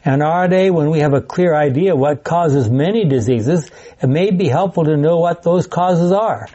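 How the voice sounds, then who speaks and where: A man's voice: a little high, normal speed, warm tone, muffled recording. A man leading a Bible study class, chatty and digressive, with laughing asides as he teaches.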